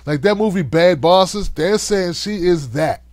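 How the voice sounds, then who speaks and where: A man hosting a livestream of political commentary, talking in an animated, conversational way and cussing freely. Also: sits high, measured pace, dry recording. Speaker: host.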